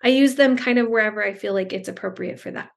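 A woman's voice: medium pitch, quick pace, vocal fry. A woman, a speech-language pathologist, telling stories in casual conversation, chatty with fillers and restarts, over a video call. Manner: chatty, many fillers and restarts, acts out quotes.

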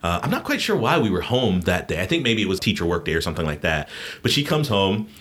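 Middle-aged male podcast co-host, very deep voice, animated storyteller who laughs easily. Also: fast, slightly rough. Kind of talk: casual storytelling chat.

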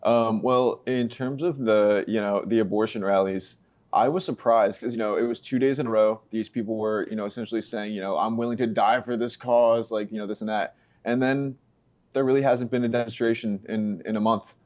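Low-voiced man, halting and dull-sounding. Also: steady tone, darkish tone. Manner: halting, many fillers and "you know". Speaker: street interviewer guest. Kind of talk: casual political chat.

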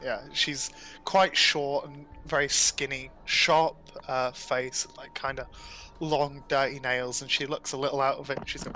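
Male game master with a bright voice and casual, rambling description, over faint music. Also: mid-range voice, level tone, a little slow. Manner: loose and descriptive, with frequent ums and likes. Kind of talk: casual tabletop game narration.

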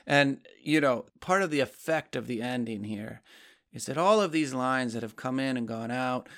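Gravelly bright-voiced man explaining poetry. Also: medium pitch, normal speed. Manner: explanatory and patient, walking through lines of verse. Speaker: co-host discussing poetry. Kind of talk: conversational literary discussion.

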